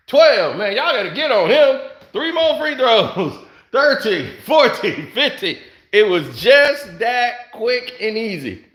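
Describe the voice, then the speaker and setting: A man casually telling stories to camera, animated, laughing often and acting out other people's lines. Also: high-pitched. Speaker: host. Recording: roomy echo.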